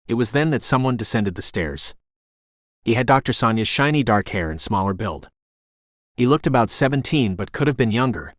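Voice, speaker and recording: A man narrating a romance audiobook in the first person, calm and even. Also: mid-range voice, moderate pace, dry recording, studio quality.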